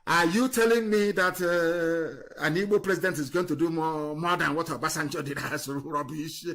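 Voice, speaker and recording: A man giving an impassioned political speech on a live broadcast, scornful and fiery, swinging from loud declarations to low muttering. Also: normal speed. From Nigeria. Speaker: activist leader on a live broadcast.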